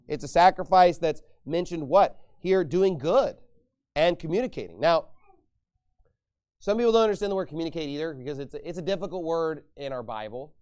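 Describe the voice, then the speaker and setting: A man preaching a sermon as pastor, emphatic, getting loud on his sarcastic points. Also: on the high side.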